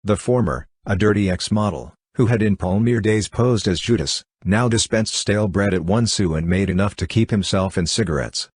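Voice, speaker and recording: Deep husky man reading an audiobook. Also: moderate pace, hardly any pauses, no echo, studio quality. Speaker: audiobook narrator. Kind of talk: scripted narration.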